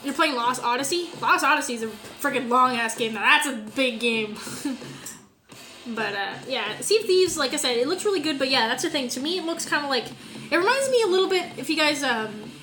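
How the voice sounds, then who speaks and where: Chatty high-pitched woman streaming from home. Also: lively intonation, brisk, bright, forceful tone, soft background music. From Canada. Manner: chatty, rambling, lots of fillers and swearing. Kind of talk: casual live-stream chat. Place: home, indoors.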